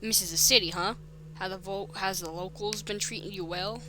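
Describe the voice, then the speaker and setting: A woman's voice: medium pitch, steady tone, normal speed, noisy background, natural voice. A woman voicing a suspicious male policeman with a put-on Boston accent, prying and folksy. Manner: prying, folksy, overly familiar. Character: gruff suspicious male small-town policeman.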